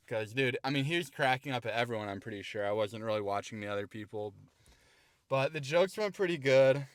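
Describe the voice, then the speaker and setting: A male comedian speaks in a relaxed, conversational vlog voice. He swears casually and weighs up his own material with offhand candor, his pitch sitting in a middle range. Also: brisk, slight background noise. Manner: laid-back, profane, self-critiquing. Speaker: stand-up comedian.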